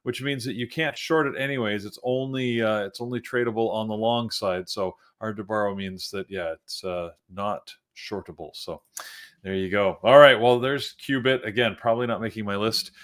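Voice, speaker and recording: A man's voice: fairly low pitch, moderate pace, fairly bright tone. A man hosting a live trading show, talking through stock moves in a loose, thinking-aloud way with plenty of fillers. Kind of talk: live market commentary.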